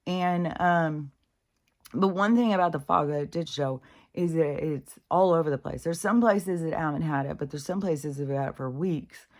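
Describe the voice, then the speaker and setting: Low-pitched lady ranting on her vlog, sweary and fed up, lots of i-i-i restarts. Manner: exasperated, swearing, mocking others in high put-on voices; halting restarts and repeated fillers. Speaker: spiritual vlogger. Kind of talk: casual rant to camera.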